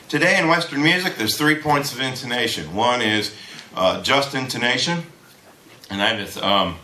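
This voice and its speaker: A man teaching a trombone masterclass to students, talking in an animated way and singing rhythms aloud. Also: on the low side, a little hiss or hum. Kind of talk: lecture to students. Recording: echoey room.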